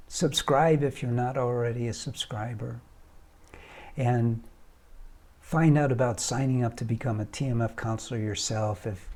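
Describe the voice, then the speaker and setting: A man's voice: medium pitch, a little mellow. A man who founded a marriage foundation giving impassioned advice straight to camera, asking rhetorical questions and dropping at times into a whisper. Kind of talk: direct-to-camera advice talk.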